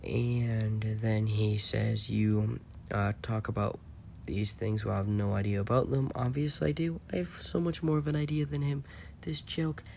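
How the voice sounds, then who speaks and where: A man's voice: on the low side, little pitch movement, normal speed, vocal fry, warm tone, slight background noise. A man talking over screenshots in a rambling, mocking, self-assured commentary voice-over. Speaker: channel host.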